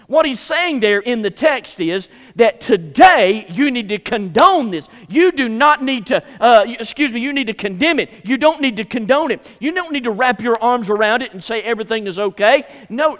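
A man's voice: extremely high pitch, lively intonation, normal speed, fairly bright tone. A middle-aged man preaching a sermon as pastor, emphatic and repeating phrases for stress in a church. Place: church sanctuary. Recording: hall reverb.

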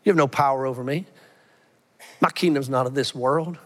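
A man voicing Jesus as a calm, commanding figure, speaking low, quiet and firm in a sermon retelling. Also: normal speed, close to an everyday voice. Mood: calm defiance.

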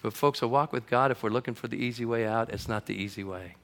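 A man preaching a conversational sermon to his congregation, building from quiet reflection to loud, emphatic passages. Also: mid-range voice, fast talker. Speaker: pastor.

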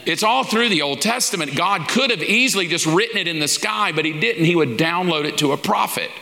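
A man's voice: sits high, expressive, brisk, creaky, pushed and bright. A man, a pastor, teaching a sermon in a folksy, informal way, acting out little quoted asides. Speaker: pastor teaching a lesson series. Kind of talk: conversational sermon. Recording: long reverb of a large hall.

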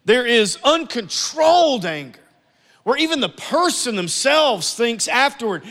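Male preacher, earnest and conversational, high bright voice, reverberant hall. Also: very animated, unhurried. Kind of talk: sermon.

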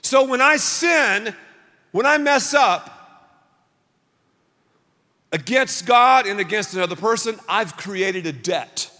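A man preaching a sermon as pastor, punchy and animated, leading the crowd in call-and-response. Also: sits high, takes it slowly, long pauses. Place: large church auditorium. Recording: long reverb of a large hall.

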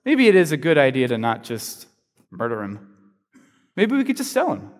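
A man's voice: on the high side, wildly swooping pitch, moderate pace. A man voicing a scheming young brother who casually talks the others into a cruel plan. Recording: long reverb in a large hall.

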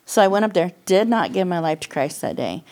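A woman's voice: fairly low pitch, sing-song, brisk, a little mellow. Candid middle-aged woman telling her story. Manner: candid storyteller, laughs often, acts out quoted lines. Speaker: podcast guest. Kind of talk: personal testimony in casual interview.

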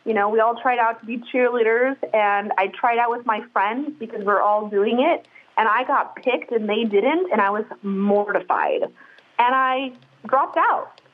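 A candid, chatty middle-aged woman speaks as a podcast guest, her voice sitting a little high. She talks in an easy, rambling way with lots of fillers and restarts. The sound is dull and lo-fi. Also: unhurried. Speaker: interview guest, brow artist. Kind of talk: casual podcast conversation.

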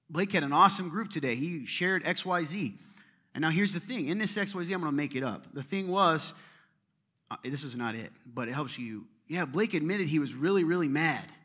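A man preaching a sermon as pastor, telling a story with swings from loud exclamations to hushed asides. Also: medium pitch.

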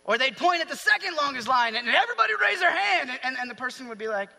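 A man delivers a sermon with animated energy, breaking into acted-out shouts. His voice sits high and sounds very bright. The sound carries a long hall reverb. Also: fast talker, gravelly. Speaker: preacher.

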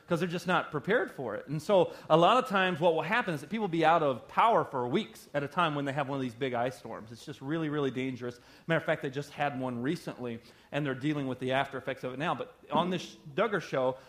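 A man's voice: on the high side, a bit bright. A middle-aged male pastor preaching a sermon in a conversational, emphatic way, often asking rhetorical questions.

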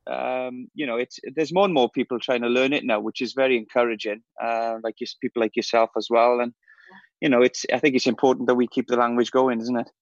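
A man with a South Wales valleys accent, chatting casually in halting, restart-filled phrases. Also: medium pitch, little pitch movement, no room sound, dull audio. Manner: halting, many ums and restarts. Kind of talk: casual chat.

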